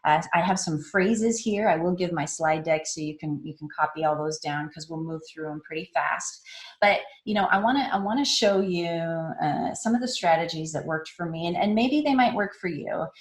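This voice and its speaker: A woman with a fairly low voice gives a casual conference talk. She is chatty and laughs often, and when she quotes people she jumps her pitch up into little acted-out voices. The room is echoey. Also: normal speed. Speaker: conference speaker. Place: online meetup talk in a room.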